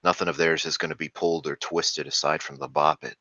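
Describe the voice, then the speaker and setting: Brief: very deep but bright-toned man ranting profanely in a casual monologue, dull lo-fi sound. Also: steady tone, fairly quick, no echo. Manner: profane, ranting, with frequent fillers. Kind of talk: rambling casual commentary.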